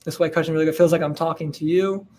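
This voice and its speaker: A man's voice: fairly high pitch, fairly even intonation, very fast, a little mellow, a little hiss or hum. Laid-back young man hosting a live Q&A. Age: 20s. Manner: laid-back, slangy, lots of fillers and laughs. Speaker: host answering viewer questions. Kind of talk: casual live-stream Q&A.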